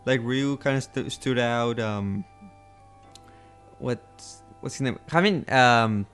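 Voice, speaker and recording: A man's voice: mid-range voice, takes it slowly, a bit bright, faint music behind. A man co-hosting a casual podcast, thinking aloud in a hesitant, musing way. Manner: thoughtful, hesitant, many restarts and fillers. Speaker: podcast co-host. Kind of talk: casual chat.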